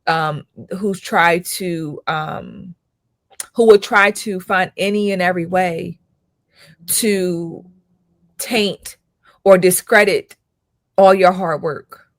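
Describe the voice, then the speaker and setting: Emphatic woman host, low voice. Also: fairly even intonation, takes it slowly, long pauses, dry recording, studio quality. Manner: emphatic, rhetorical questions, repeats herself. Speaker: channel host, school counselor. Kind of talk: casual commentary monologue.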